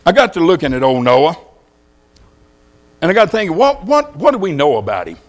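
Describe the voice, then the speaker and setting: A man's voice: on the high side, big pitch swings, fairly quick. An older man preaching a sermon, telling homespun stories and jokes in a folksy way.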